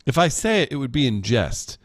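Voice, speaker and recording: A man's voice: medium pitch, sing-song, brisk, dry recording, clean studio sound. A young adult man co-hosting a casual podcast, reading audience questions with wry jokes. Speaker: co-host.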